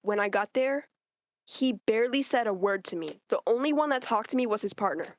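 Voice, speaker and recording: A teenage girl telling a story as a podcast guest in casual chat, animated and acting out what people said. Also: on the high side, a little fast, muffled recording. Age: teens. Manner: animated, quotes people in changing voices.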